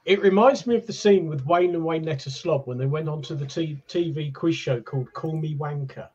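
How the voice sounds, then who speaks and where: A man with a husky, mid-pitched voice swaps sweary jokes and anecdotes during a party game stream. His mic sounds dull and lo-fi. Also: a little fast, darkish tone. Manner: sweary, jokey storytelling. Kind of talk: casual chat.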